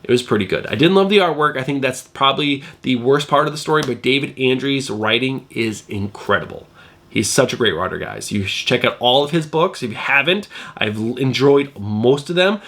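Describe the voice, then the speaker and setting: A man's voice: mid-range voice, lively intonation, brisk, a bit bright. A middle-aged man hosting a comic book channel, sounding nasal from a cold, chatting in a rambling way with lots of fillers. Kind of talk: casual video review.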